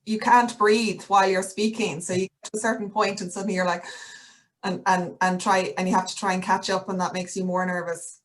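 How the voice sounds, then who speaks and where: A woman taking part in a webinar, answering questions quickly and eagerly over a video call. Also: mid-range voice, level tone. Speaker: webinar participant.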